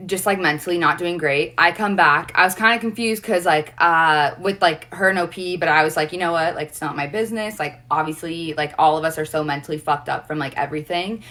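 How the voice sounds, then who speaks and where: A woman's voice: on the low side, steady tone, normal speed, sharp tone. A young woman telling a personal story in casual chat, rambling and earnest, with lots of fillers and restarts. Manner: emotional, earnest.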